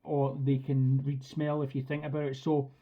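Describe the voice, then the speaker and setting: A man's voice: mid-range voice, completely flat delivery, normal speed, muffled recording. A man teaching a live dog training class in a chatty, direct way. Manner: chatty and direct, acts out commands. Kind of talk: live online class talk.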